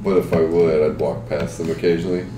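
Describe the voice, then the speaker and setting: A man at a gaming table, speaking hesitantly with pauses and fillers. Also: sits low, distant mic. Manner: slow, halting, hesitant. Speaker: player. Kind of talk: casual chat at a gaming table. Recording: echoey room with steady noise.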